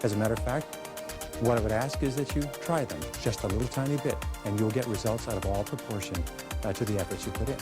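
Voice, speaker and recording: A man giving a motivational seminar talk to a live audience, animated and energetic, now and then acting out quoted voices. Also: fairly low pitch, quick pace, over loud music. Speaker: motivational speaker.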